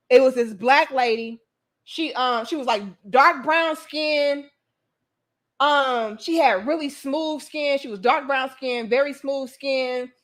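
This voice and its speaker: Animated high-voiced woman telling a story. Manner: animated, chatty, swears freely, addresses viewers as y'all. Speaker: vlogger. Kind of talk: casual storytelling to viewers.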